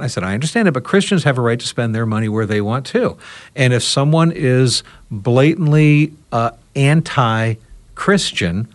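A talk radio host telling a story on a roundtable podcast and voicing both sides of a conversation. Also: male voice, medium pitch, lively intonation, moderate pace. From United States.

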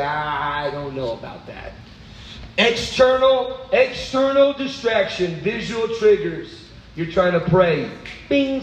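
A man preaching a sermon, animated, swinging from low asides to high, exclaiming bursts. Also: reverberant, slight background noise, poor audio.

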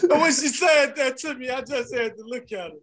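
A man's voice: extremely high pitch, a little fast, fairly bright tone, slight background noise. A man in his fifties, co-hosting a podcast, telling a laughing story about his birthday party in casual slang. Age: 50s. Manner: laughing storyteller, Southern Black vernacular slang. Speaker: podcast co-host.

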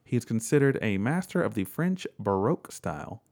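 A man's voice: lowish voice, sing-song, fairly quick, gravelly, a little mellow. A man co-hosting a casual chat, reading facts aloud and riffing on them in a jokey, offhand way, swearing freely. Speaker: podcast co-host.

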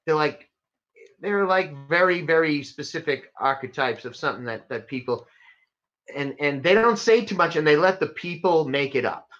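A man telling stories in a casual chat, rambling and animated with lots of fillers. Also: on the high side, moderate pace. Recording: dull lo-fi sound.

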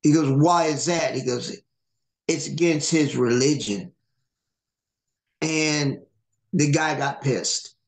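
A man's voice: on the high side, slow pace, long pauses. A man hosting a podcast, casually telling a long story, swearing and acting out the people he quotes. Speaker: podcast host. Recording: echoey room.

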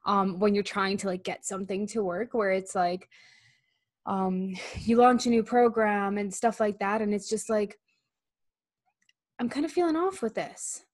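A woman's voice: mid-range voice, level tone, moderate pace, no room sound, clean studio sound. A woman coach co-hosting a podcast, talking in an upbeat, eager way. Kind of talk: casual podcast chat.

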